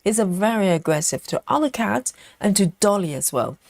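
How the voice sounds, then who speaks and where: Gravelly-voiced woman chatting on a live stream. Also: mid-range voice, expressive, brisk, a little mellow, no room sound. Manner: chatty, reads out viewer comments, laughs often. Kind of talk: casual live-stream chat.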